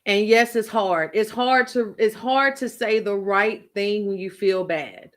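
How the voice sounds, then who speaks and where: A woman who works as a writing coach gives a motivational talk about faith, telling stories emphatically and repeating phrases like a preacher. Her voice is medium-pitched and fairly bright, and she speaks a little slowly.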